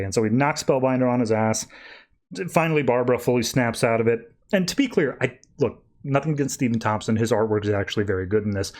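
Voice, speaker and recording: A man hosting a podcast who recaps comics in an animated way and acts out the characters. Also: medium pitch, fast. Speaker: podcast host. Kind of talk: casual comic book recap.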